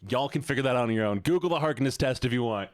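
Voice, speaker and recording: A man's voice: medium pitch, animated, quick pace, no room sound. A man streaming live, reacting to viewer submissions in casual chat, often sighing, swearing and repeating himself in exasperation.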